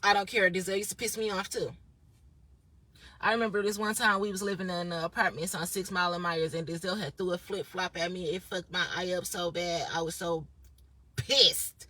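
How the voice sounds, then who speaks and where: A woman's voice: on the low side, fairly even intonation, moderate pace, sharp tone. A young woman talking straight to a phone camera in a casual vlog, blunt, profane and rambling. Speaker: vlogger.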